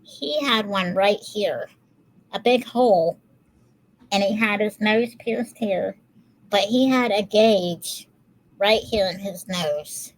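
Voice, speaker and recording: Female podcast co-host, average pitch, easygoing and self-mocking. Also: takes it slowly, a little hiss or hum, rough recording. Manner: self-deprecating, laughs easily. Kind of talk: casual chat.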